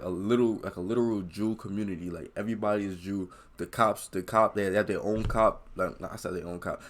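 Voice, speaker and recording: A man hosting a reaction video, talking casually in slang and saying "bro" constantly. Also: low voice.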